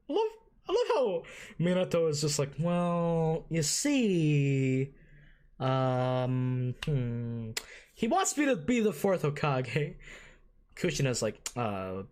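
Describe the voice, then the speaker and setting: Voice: mid-range voice, a little mellow. An anime reaction host in casual commentary, gushing and emotional and swearing freely.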